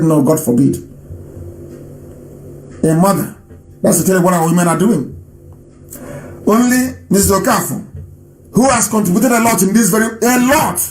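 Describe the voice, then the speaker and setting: Emphatic man with high voice, echoey room. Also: a little hiss or hum. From Nigeria. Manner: emphatic, repeats phrases for stress. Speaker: radio host taking calls. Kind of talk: live radio broadcast address. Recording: roomy echo.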